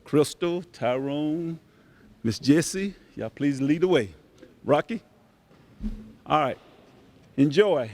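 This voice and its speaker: An older man, a community center director making relaxed, grateful announcements at a banquet. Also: on the high side, slow, long pauses. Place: banquet hall.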